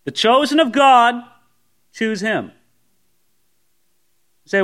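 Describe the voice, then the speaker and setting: Man preaching a sermon: high, very lively pitch, talks like a chat, voices imagined objections. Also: measured pace, pauses often. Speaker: pastor. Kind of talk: expository sermon. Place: church service before a congregation.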